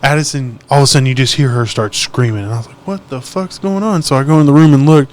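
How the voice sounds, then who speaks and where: A man's voice: medium pitch, very fast, darkish tone. A man, a blunt and profane storyteller in a casual podcast chat.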